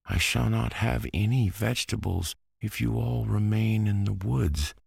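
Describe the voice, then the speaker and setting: A man's voice: on the low side, a little slow, gravelly, breathy edge, no room sound, studio quality, voice pushed up, exaggerated voice. A man voicing an earnest ten-year-old farm boy in a bedtime storybook reading. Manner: earnest, pleading.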